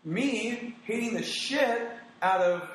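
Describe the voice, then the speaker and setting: A man hosting a casual podcast chat, giving animated, opinionated takes with quoted asides. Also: sits high, slow pace, a little hiss or hum. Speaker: podcast host. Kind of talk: casual conversational podcast talk. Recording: very echoey room.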